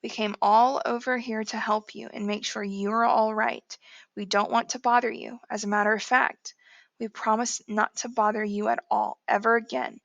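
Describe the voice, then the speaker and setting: A woman's voice: on the high side, steady tone, moderate pace, few pauses, bright, forceful tone, dry recording, dull audio. A woman reading an audiobook, voicing a male doctor who talks in a friendly, coaxing, insistent way. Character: persuasive small-town male doctor, coaxing.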